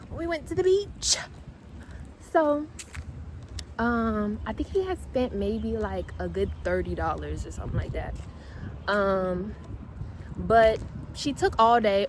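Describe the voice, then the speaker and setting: A young woman vlogger telling a casual storytime, chatty and animated with slangy asides. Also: medium pitch, noisy background.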